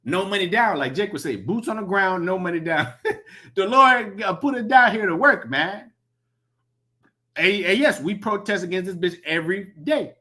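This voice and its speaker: A man's voice: high voice, lively intonation, normal speed, sharp tone. A man giving a profane, emphatic preaching commentary, repeating himself and reading scripture aloud. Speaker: religious commentator.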